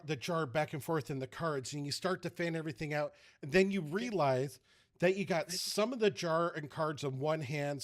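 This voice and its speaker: A man narrating a tabletop game as game master, telling the scene in an animated way with loose restarts. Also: fairly high pitch.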